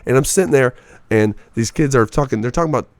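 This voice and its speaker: A man's voice: medium pitch, fast, no echo. Young comic guy in his 20s, from the midwest, swears a lot, acts out everybody's lines, dry close sound. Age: early 20s. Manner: profane, animated storyteller who acts out what others said. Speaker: stand-up comedian guest. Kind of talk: casual podcast chat.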